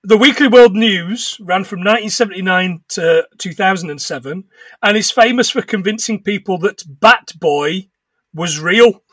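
A man co-hosting a casual podcast chat, giggling as he retells scenes and slips into quick silly voices. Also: sits high, a bit bright, no room sound, recorded from a distance. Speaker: podcast co-host.

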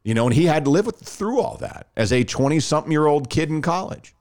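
A man telling a long story in casual chat, animated and full of restarts. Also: a little high, quick pace.

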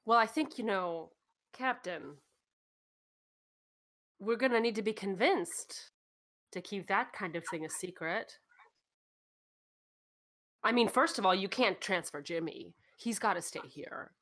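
A woman improvising a starship first officer. She talks in an excitable way and bargains quickly. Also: medium pitch, lightly acted. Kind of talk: improvised sci-fi role-play.

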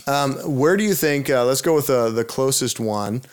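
A man's voice: medium pitch, moderate pace, clean tone. Laid-back male podcast co-host. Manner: laid-back, rambling with fillers. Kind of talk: casual podcast chat.

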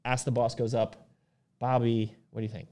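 A man's voice: mid-range voice, normal speed. A man co-hosting a casual podcast about supplements, talking loosely with fillers and restarts. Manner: relaxed, rambling with fillers and restarts. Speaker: podcast host.

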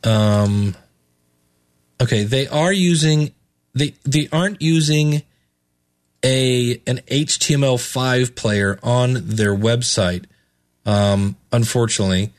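A man's voice: mid-range voice, slow. A man hosting a podcast in casual chat, rambling with many restarts and chuckles. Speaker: podcast host reviewing podcasts.

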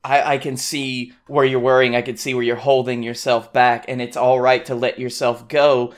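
A man's voice: medium pitch, little pitch movement, normal speed. Young guy on a podcast, average voice, thoughtful, rambly chat. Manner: reflective, rambling with many fillers and restarts. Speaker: podcast co-host. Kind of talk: casual chat.

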